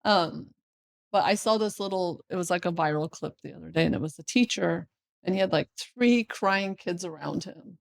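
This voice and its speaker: A woman's voice: fairly low pitch, moderate pace, gravelly. Woman co-host laughing through stories. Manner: laughs often, acts out her kids' lines in story. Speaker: podcast co-host. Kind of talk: casual chat.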